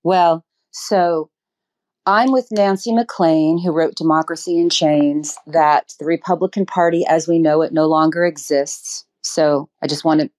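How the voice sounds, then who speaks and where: A woman with a low voice gives a political interview. She talks in an earnest, passionate way, pausing on ums and restarting her sentences as she works out her thoughts. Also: steady tone, darkish tone. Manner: thinks aloud with ums and restarts. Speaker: guest.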